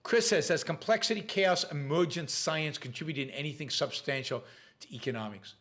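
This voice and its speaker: Halting man with a noticeable accent. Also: fairly high pitch, fairly bright tone. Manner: halting, frequent restarts and fillers. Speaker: show host answering viewer questions. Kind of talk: casual live Q&A talk.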